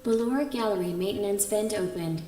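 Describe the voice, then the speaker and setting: Woman as a clipped, flat facility announcer, mid-pitched, echoey game audio. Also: a little fast, a little hiss or hum, close to an everyday voice.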